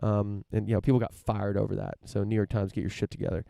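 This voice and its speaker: A man hosts his podcast in a loose, rambling monologue, stumbling through fillers and restarts and swearing casually. His voice sits low, with a gravelly edge and a dark, mellow tone. The sound is dry and close, with no room around it. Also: little pitch movement, quick pace, dry recording. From United States. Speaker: podcast host.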